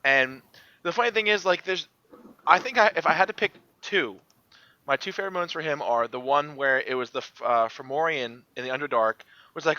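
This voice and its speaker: Man, bright tone, animated, laughing, dull dry sound. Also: fairly high pitch, fairly quick, dry recording. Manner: excitable, laughing, animated storytelling. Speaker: panel guest. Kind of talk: casual panel chat.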